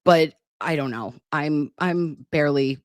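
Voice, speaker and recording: A middle-aged woman hosts a casual livestream from her desktop computer mic, chatting affectionately and reading out viewer comments with a self-deprecating streak. Her voice is low and a little slow, and the sound is clean, studio-quality, with no room echo.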